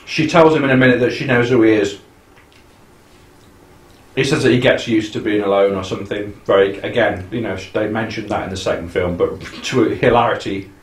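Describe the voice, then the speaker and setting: A man's voice: on the low side, brisk. A man co-hosting a casual, sarcastic film commentary podcast. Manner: chatty, sarcastic, doing mock film voices. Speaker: podcast co-host. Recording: echoey room.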